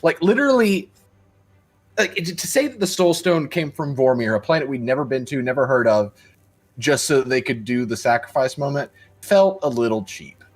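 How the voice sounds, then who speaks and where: A man's voice: medium pitch, animated, moderate pace. A young man co-hosting a gaming livestream, talking casually, rambling with restarts and laughs.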